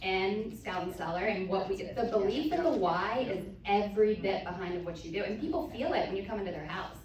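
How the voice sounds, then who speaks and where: A woman on a panel speaking quickly and confidently in a casual, self-assured way. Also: mid-range voice, lively intonation, darkish tone, distant mic, a little hiss or hum. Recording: very echoey hall with crowd.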